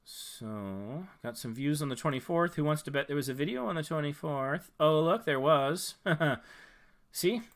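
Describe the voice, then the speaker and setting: A man hosting a casual live stream, reviewing viewers' channels. He thinks out loud, rambles a bit with fillers and restarts, and gives friendly advice. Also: on the high side, lively intonation, measured pace.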